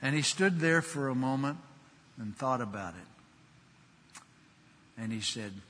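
An older man preaching a sermon, emphatic, rising loud and dropping soft. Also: fairly high pitch, sing-song, slow, pauses often, a little hiss or hum. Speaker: pastor. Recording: long hall reverb.

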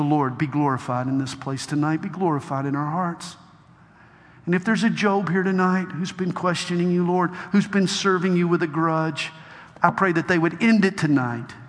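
A male preacher delivering a sermon and prayer to a congregation, emphatic and building to loud exhortation. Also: fairly high pitch. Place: large hall with a crowd. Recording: long hall reverb.

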